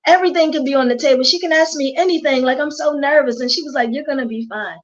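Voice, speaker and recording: High-pitched baltimore woman, chatty, acts out quotes, kinda muffled lo-fi sound. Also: fast talker. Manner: animated storyteller, quotes herself and others. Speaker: guest, hair stylist. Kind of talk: casual chat.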